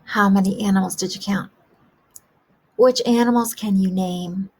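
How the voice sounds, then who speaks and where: A woman kindergarten teacher giving a remote lesson, asking young children gentle, encouraging questions about a story. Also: medium pitch, steady tone, moderate pace, slightly rough.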